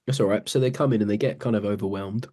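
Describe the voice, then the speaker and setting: Man, podcast co-host, low-pitched, chatty and laughing, acts out scenes. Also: quick pace, warm tone. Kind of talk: casual chat.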